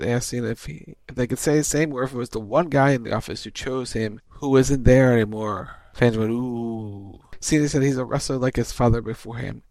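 A man co-hosting an internet radio show, briskly recapping events with small restarts. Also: mid-range voice, no room sound. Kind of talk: wrestling show recap chat.

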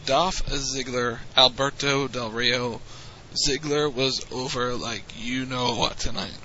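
A man hosting a casual wrestling recap podcast, relaxed and teasing, recounting matches play by play. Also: medium pitch, slow pace, dull audio, a little hiss or hum. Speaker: podcast host.

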